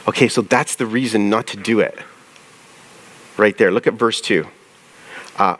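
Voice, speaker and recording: A man who pastors a church, preaching a conversational sermon, often asking his listeners questions and reading scripture aloud slowly. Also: on the low side, fairly bright tone.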